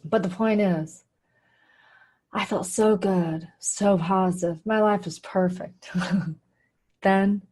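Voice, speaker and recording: Husky-voiced woman telling her own story. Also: mid-range voice, steady tone, slow pace, pauses often, darkish tone. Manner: candid, confessional, with frequent laughs. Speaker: radio show host. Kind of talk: personal storytelling monologue.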